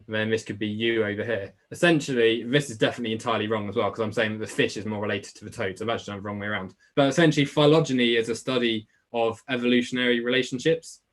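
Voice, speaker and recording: A man's voice: fairly low pitch, fairly even intonation, fast, few pauses. A young man with an Essex accent tutoring biology in a casual live online class, chatty and informal, reading and answering questions from the chat. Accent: Essex English. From England. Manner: chatty and informal, lots of "like" and "right?". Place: home room, alone.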